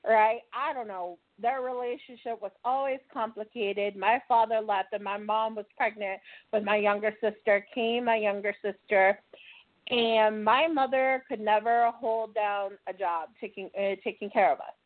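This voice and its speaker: A woman's voice: medium pitch, steady tone, normal speed. Woman telling her story over tinny audio. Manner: earnest, plainspoken, with fillers like "right?". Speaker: storyteller recounting her childhood. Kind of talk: personal testimony.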